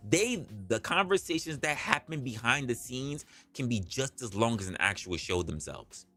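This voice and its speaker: A man's voice: medium pitch, lively intonation, normal speed, pushed and bright, faint music behind. A man hosting a livestream, talking bluntly and casually with plenty of profanity. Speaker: livestream host.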